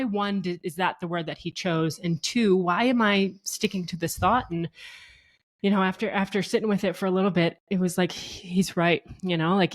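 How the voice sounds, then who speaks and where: A woman in her thirties, a podcast guest, telling her story in lively conversation and acting out what people said. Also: mid-range voice. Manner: animated, laughs often, acts out quotes. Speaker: guest, co-founder.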